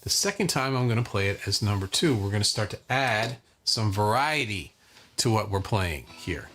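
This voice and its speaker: A man teaching a live online guitar lesson in a relaxed, chatty way, counting beats aloud as he strums. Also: lowish voice, normal speed. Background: acoustic guitar strumming.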